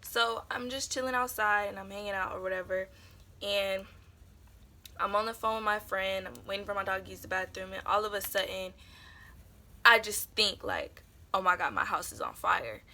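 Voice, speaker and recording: A woman's voice: mid-range voice, steady tone, moderate pace, bright, forceful tone. A young adult woman vlogger telling a personal story in a casual, chatty way, full of fillers. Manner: chatty, meandering with lots of fillers.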